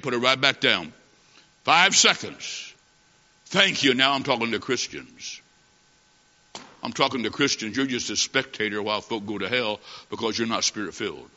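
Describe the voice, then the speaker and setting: Preacher guy, super bright forceful voice, repeats himself for emphasis, long church echo. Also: medium pitch. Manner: emphatic, repetitive, calls to congregation. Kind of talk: revival sermon with storytelling. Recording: dull audio with long hall reverb.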